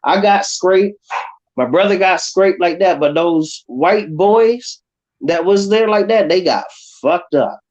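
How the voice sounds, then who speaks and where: A man's voice: high voice, slow. A man telling a rowdy story in casual livestream talk. He acts out the other people in the story as he goes. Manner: animated, acts out voices in his stories. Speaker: guest. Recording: dull, lo-fi call audio.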